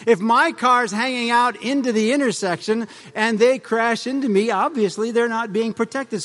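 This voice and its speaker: High-voiced man lecturing in a hall. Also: a bit bright. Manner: conversational, rhetorical questions, humorous asides. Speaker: speaker addressing an audience. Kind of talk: lecture to a live audience.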